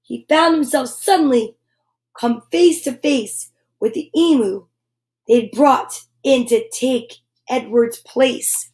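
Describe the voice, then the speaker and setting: Casting: woman host reading picture books to kids live, gentle and unhurried, voice a bit high. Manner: animated, gentle and sweet toward children. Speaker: children's storyteller host.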